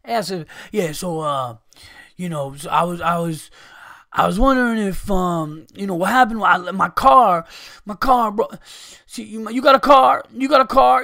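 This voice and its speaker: A podcast host rants casually, swearing freely and sounding exasperated. His voice is gravelly and sits somewhat high for a man. The recording is dry and close to the mic. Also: fairly bright tone, dry recording. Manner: profane, exasperated. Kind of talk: casual ranting monologue.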